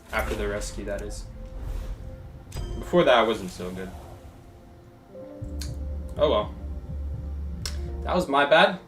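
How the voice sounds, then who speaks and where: A man's voice: on the low side, fairly bright tone. A young man giving chatty, casual commentary while live-streaming a game and thanking his viewers.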